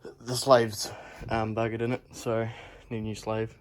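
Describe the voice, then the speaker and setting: This garage vlog is picked up by the phone he holds while filming, as a young man chats casually, wandering off topic and swearing frequently. His delivery is on the low side, moderately paced, with little pitch movement.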